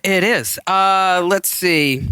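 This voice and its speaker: A woman's voice: on the low side, extremely slow, smooth, no room sound. A middle-aged woman hosting a podcast, telling stories in casual chat with frequent laughter. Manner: animated storyteller, laughs often. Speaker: podcast host.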